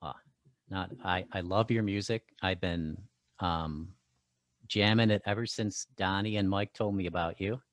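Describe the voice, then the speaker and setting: A man hosting a podcast interview, talking in a halting way with many fillers. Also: low-pitched, fairly even intonation, no room sound. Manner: halting, friendly, lots of fillers. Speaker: podcast host. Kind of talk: casual interview.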